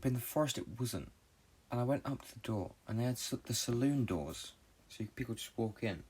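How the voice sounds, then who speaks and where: A young man from Britain, a podcast host, telling a long dream story in a fast, rambling way with lots of swearing and fillers. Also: medium pitch, expressive, darkish tone, breathy edge.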